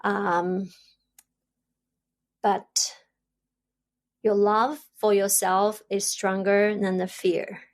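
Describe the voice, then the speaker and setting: A woman from China, speaking English, answers interview questions in a reflective way. She stutters, repeats words and pauses often. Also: mid-range voice, flat delivery. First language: Chinese. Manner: stutters, soft and thoughtful, with frequent pauses. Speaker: podcast guest, doctoral student.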